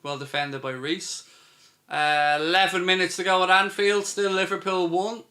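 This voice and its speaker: A man's voice: high-pitched, steady tone, normal speed, sharp tone. A man from Ireland with an Irish accent, hosting a live football watchalong and chatting through viewer questions. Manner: chatty, reads out viewer questions and answers them. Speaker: host.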